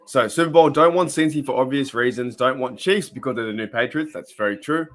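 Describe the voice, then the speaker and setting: A young Australian man hosts a laid-back live stream, reacting to a game and chatting loosely with viewers. His voice sits at a medium pitch and moves fairly quickly as he rambles and reads out comments from chat.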